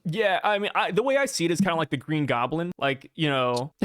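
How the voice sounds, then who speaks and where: A man guesting on a casual discussion podcast, talking in a playful, animated way and often asking "right?". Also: a little high, a little fast, clean tone, no echo, clean studio sound.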